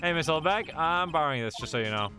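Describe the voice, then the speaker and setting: A man commenting on a game as he plays it live, casual and quick to swear. His voice is bright and forward and leaps around in pitch, with soft game music playing underneath. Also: lively intonation. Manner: casual, swears freely, reacts loudly. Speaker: streamer.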